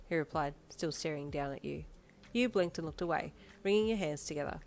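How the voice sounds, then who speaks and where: A woman narrating a second-person fan-fiction story in a steady, intimate way. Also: deep voice, brisk, creaky, hardly any pauses, slight background noise.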